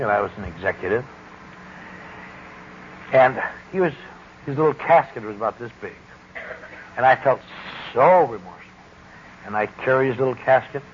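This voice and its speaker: A middle-aged man speaking deliberately and wryly, giving a personal testimony talk about recovery. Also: medium pitch. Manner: deliberate, wry, emphatic speaking. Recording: dull lo-fi recording with faint hiss.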